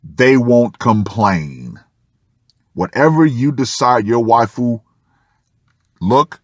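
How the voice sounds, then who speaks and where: A man reads a story aloud at an unhurried pace, and his pitch rises and falls in a lively way. He cuts in with dry, sarcastic remarks to the listener. The sound is close and dry. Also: no room sound. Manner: sardonic asides to the listener. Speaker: channel host reading an article. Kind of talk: reading a first-person article aloud with commentary.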